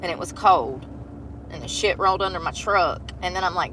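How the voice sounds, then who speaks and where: A woman chatting casually on a livestream from inside her truck, telling animated stories and swearing freely. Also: fairly low pitch, brisk, a little hiss or hum.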